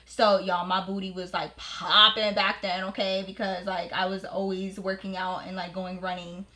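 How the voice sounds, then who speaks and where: A woman beauty vlogger telling a story while doing her makeup at home, in an animated, profane, slangy way. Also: medium pitch, normal speed. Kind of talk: get-ready-with-me storytime.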